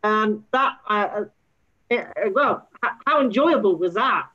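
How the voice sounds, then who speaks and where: Halting woman on dull call audio. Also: mid-range voice, expressive, pushed and bright. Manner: halting, full of restarts. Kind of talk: casual football chat over a video call. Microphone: video call.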